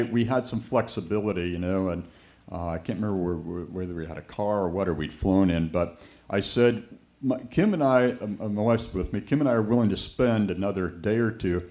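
A man with a voice on the low side preaches briskly, weaving lively anecdotes into a story and mimicking the people he quotes.

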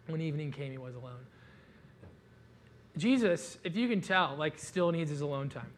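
A man preaching a conversational sermon, casual and animated, with joking asides and frequent fillers. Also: on the high side, moderate pace. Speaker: pastor.

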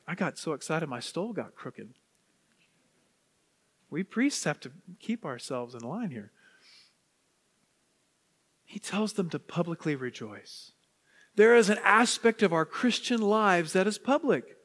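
Animated priest preaching, swinging soft to loud. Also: male voice, high-pitched, normal speed. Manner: animated, swings from hushed to exuberant shouts. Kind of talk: sermon. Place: church sanctuary. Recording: long church reverb.

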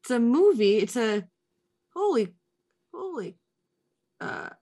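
A woman's voice: fairly high pitch, big pitch swings, slow pace, dark tone. A woman retelling a movie plot in casual chat, rambling with lots of likes and uhs, and gushing about it.

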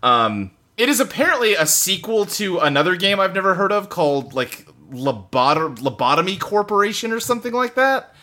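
A man's voice: high-pitched, very animated, normal speed, few pauses, pushed and bright. A man co-hosting a casual chat about games from his home office, speaking loosely with lots of fillers and the odd curse word. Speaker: podcast co-host. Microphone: desktop computer setup.

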